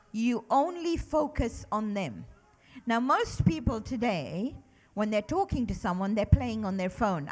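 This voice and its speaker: A middle-aged woman giving a religious lesson to children, asking them lots of questions and leading them in call-and-response recitation. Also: a little high. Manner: animated, asks children many questions. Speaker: children's lecturer at a mosque.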